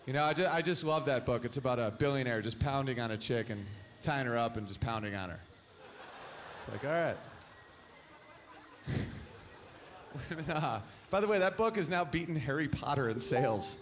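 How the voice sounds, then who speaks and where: A man's voice: mid-range voice, expressive, normal speed, pauses often, a little hiss or hum. A man in his thirties doing a stand-up comedy set, crude and wry, breaking into chuckles.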